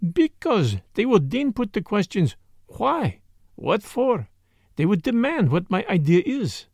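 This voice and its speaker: A man's voice: sits high, very animated, unhurried, vocal fry, a little mellow, no echo, heavily acted. A man voicing a sly, courteous foreign detective who speaks formally and blandly.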